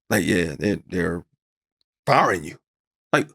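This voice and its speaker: Man, middle-aged, low gravelly voice, animated storyteller, reenacts conversations, pitch jumps when worked up. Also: slow, pauses often, no echo, clean studio sound. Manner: acts out his own past dialogue, voice climbing high when upset. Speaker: interview guest, sports broadcaster.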